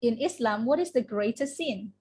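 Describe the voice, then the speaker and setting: A woman's voice: a little high, expressive, moderate pace, warm tone, slight background noise. A woman with an Indonesian accent teaching English vocabulary in a classroom, having students repeat words after her. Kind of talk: classroom lesson.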